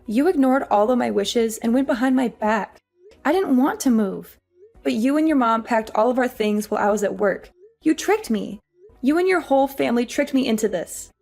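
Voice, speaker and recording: A woman playing a weary, high-voiced young wife. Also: expressive, normal speed, creaky, a little mellow, faint music behind. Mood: pleading. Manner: weary, pleading. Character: exhausted young working wife. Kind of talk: audio drama acting.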